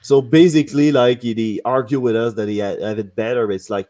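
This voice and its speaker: Blunt, crude Quebec podcast host. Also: male voice, medium pitch, steady tone, a little fast, dark tone. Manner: blunt, crude, opinionated ranting. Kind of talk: casual chat. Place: podcast studio.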